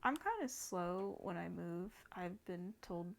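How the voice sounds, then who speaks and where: A woman's voice: on the low side, expressive, takes it slowly, creaky. A young woman hosting a gaming channel, chatting casually over gameplay, rambling with many fillers and restarts.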